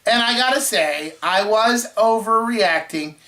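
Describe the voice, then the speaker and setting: A man co-hosting a movie review show, telling a rambling story in casual chat and clearing his throat often. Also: high-pitched, a little slow, bright, forceful tone. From Florida.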